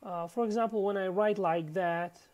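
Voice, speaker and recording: A woman whose first language is Kurdish, teaching a language lesson in halting English full of fillers, repeating each word for practice. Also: medium pitch, darkish tone. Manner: halting, many fillers and restarts. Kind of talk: recorded online lesson.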